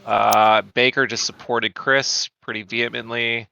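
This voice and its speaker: Gravelly, bright man reasoning deliberately. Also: mid-range voice, little pitch movement, highs cut off, slight background noise. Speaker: player. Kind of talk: making an accusation in a voice-chat game.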